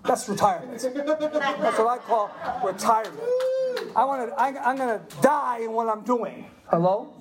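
A man in his seventies preaching a sermon, telling animated personal stories and checking in with the listeners. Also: very high-pitched, normal speed, a crowd in the background. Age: 70s. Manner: animated storytelling, asks "Are you with me?". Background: audience responding.

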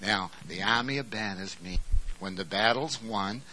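A man preaching a sermon, swinging from quiet explanation to shouted emphasis. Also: on the low side, moderate pace, slight background noise, rough recording.

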